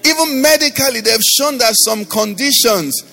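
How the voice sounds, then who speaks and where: A man's voice: very high-pitched, moderate pace, gravelly, bright, forceful tone, long reverb tail, faint music behind. A male pastor preaching and leading prayer, with rhythmic repetition and rising fervent declarations. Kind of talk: sermon with prayer over music.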